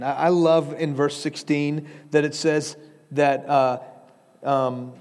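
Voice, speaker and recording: A man's voice: a little high, a little mellow. A man from Iran preaching a sermon, earnest and urgent, speaking straight to his listeners as he tells stories. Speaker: preacher and trainer of pastors. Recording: long hall reverb.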